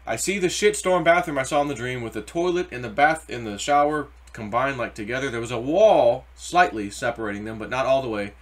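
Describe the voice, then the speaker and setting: A man's voice: mid-range voice, animated, fairly quick, hardly any pauses. A middle-aged man giving casual, rambling crypto market commentary with anecdotes and spiritual asides. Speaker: crypto YouTuber.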